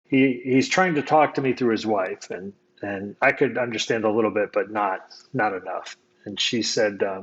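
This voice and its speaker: An American man, appearing as a guest, tells a personal story in a relaxed, casual way, reflective and often restarting his sentences. His voice is on the low side at normal speed, and the sound is lo-fi.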